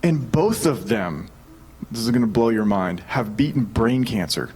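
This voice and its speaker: A man, preaching a sermon in a casual, animated storytelling way and acting out what people said. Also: fairly low pitch, unhurried, breathy edge, poor audio. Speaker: pastor.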